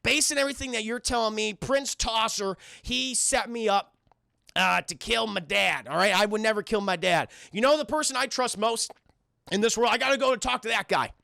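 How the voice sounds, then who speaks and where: A man's voice: high-pitched, moderate pace, creaky, bright, forceful tone, dry recording, clean studio sound, heavily acted. A man voicing a naive, indignant young male prince who rambles with self-assured exasperation in a mocking movie retelling.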